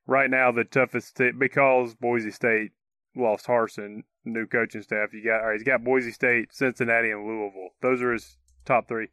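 A man's voice: mid-range voice, little pitch movement, normal speed, pushed and bright, clear, resonant tone, dry recording. A man co-hosting a casual sports talk show, opinionated and easygoing, chuckling often. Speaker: co-host.

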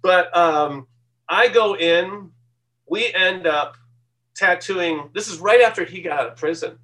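Animated middle-aged guest telling stories, higher voice, mic set back. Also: male voice, measured pace, distant mic, rough recording. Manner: lively anecdotal, acts out quoted voices. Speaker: guest tattoo artist. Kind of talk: storytelling interview.

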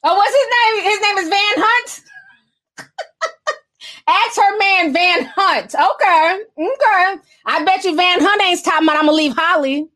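A woman hosting a livestream, chatting casually about celebrity gossip and reading viewer comments in a sassy, animated way. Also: very high-pitched, unhurried. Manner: sassy, animated, chatty with mocking voiced quotes. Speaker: livestream host reading super chats.

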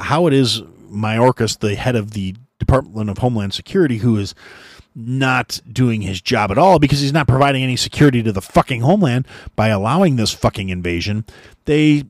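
Here a US podcast host rants about politics with plenty of swearing and repeated false starts, holding nothing back. He speaks in a lowish voice, captured cleanly in a studio with no room sound.

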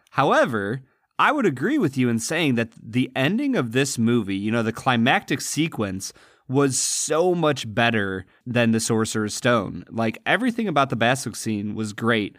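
A man's voice: medium pitch, big pitch swings, moderate pace, fairly bright tone, dry recording, clean studio sound. A man co-hosting a podcast, earnestly discussing a film and its performances. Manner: earnest, admiring. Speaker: podcast co-host. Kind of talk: casual film review chat.

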